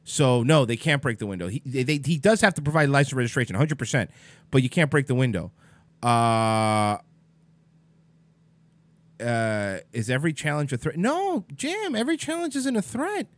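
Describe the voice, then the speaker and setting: A livestream host swears freely through an exasperated, casual rant aimed at his chat viewers, whom he addresses by name. His medium-pitched voice is expressive and moderately paced with frequent pauses, and the recording is dry.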